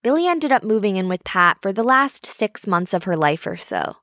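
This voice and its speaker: A woman narrating a documentary in an even, clear way. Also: medium pitch, normal speed, slight background noise.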